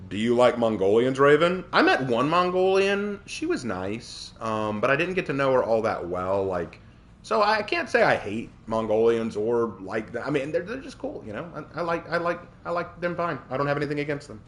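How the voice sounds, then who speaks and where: A man's voice: mid-range voice, sing-song, normal speed, fairly bright tone. Chatty man streaming a game. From Southern United States. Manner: chatty, answers viewer chat, frequent restarts and repeats. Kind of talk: casual live-stream chat while gaming.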